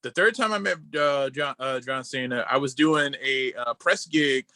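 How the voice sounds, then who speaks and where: A man co-hosting a casual podcast over a video call, telling excited stories and quoting people in a lowered voice. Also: normal speed, dry recording. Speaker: podcast co-host.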